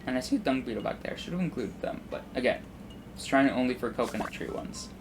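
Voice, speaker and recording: A man's voice: medium pitch, lively intonation, fast talker, background noise. A man in his twenties casually rambling through work stories while playing a video game, full of "like" and restarts. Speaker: gaming YouTuber. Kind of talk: rambling storytelling over gameplay.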